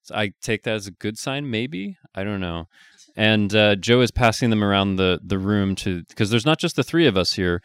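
Smooth low-voiced wry man. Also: animated, normal speed, a bit bright, no echo, clean studio sound. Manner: wry, describing the scene. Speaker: podcast co-host. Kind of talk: casual chat, narrating for listeners.

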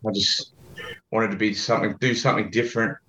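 A man's voice: on the low side, little pitch movement, fairly quick, bright, forceful tone, roomy sound, low-quality recording. A man with an Australian accent, a guest in a casual interview, talking in a joking, laid-back way and swearing casually. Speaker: guest, ad consultant.

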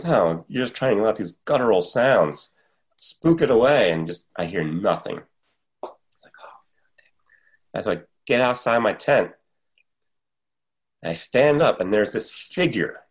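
A man who hikes, telling a story as a podcast guest in a casual, animated way, his voice jumping up at the scary parts. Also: fairly low pitch.

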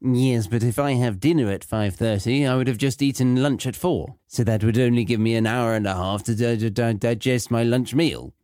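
A man's voice: medium pitch, normal speed, few pauses, a little mellow, smooth, dry recording, studio quality, close to an everyday voice. A man with a British accent voicing a fussy, stammering busybody who dithers and repeats himself on a prank phone call. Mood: dithering.

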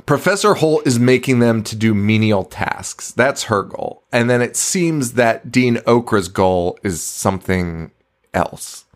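A man's voice: medium pitch, a little slow. A man co-hosting a podcast, casually recapping a movie in a rambling, profane way, stumbling over words and laughing often. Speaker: podcast co-host.

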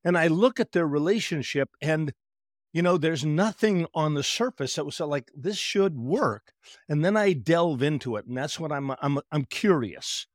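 A man, a therapist guest on a podcast, telling stories in an animated way and acting out conversations with clients. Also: a little high, moderate pace, no echo, clean studio sound. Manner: animated storyteller, acts out client dialogue. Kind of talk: podcast interview.

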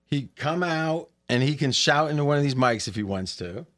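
A man hosting a sports betting podcast, telling stories with lots of laughter and quick restarts. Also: a little high. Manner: animated storyteller, laughs often. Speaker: podcast host. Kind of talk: casual sports betting chat.

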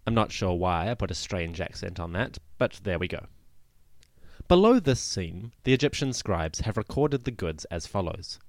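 Male history podcast host: low voice, animated delivery, dry close sound, wry asides. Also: normal speed, no room sound. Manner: lively storytelling with wry asides. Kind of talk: scripted history narration.

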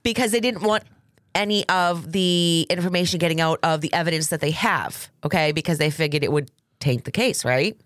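A woman's voice: low-pitched, brisk, no room sound, clean studio sound. A woman with a Massachusetts accent co-hosting a true crime podcast, chatting casually and reading news articles aloud with asides. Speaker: podcast co-host.

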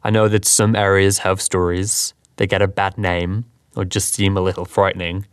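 Earnest young businessman, courteous and curious, low and dry, read by a man. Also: flat delivery, normal speed, smooth, no echo, natural voice. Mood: polite. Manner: polite, apologetic.

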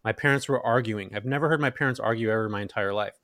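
Dude from central valley california telling his backstory quick, acts out what people said. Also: fairly low pitch, no echo. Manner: animated storyteller, acts out quoted lines. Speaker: guest, real estate investor. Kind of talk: storytelling in a podcast interview.

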